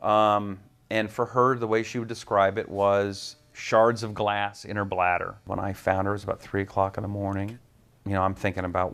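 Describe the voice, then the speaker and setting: A man, a radio talk host, telling stories from his career in a casual interview. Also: on the low side. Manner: rapid, animated anecdotes with quoted voices.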